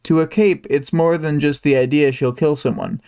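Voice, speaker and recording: Guy with a smooth clear voice, casually going over a chapter, lots of ums and uhs. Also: a little high, moderate pace, a little mellow. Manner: recaps the story loosely, with frequent ums and uhs and asides. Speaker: livestream host.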